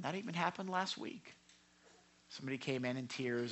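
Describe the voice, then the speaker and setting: A man preaching a sermon as pastor, emphatic and swinging between loud and hushed delivery. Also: a little high, normal speed.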